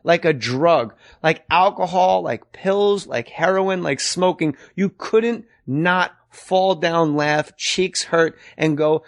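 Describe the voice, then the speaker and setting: A middle-aged man hosting a podcast, telling comic stories in an animated way and acting out other people's voices. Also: a little high, takes it slowly, few pauses, no echo, clean studio sound. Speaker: podcast host. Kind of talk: comic storytelling.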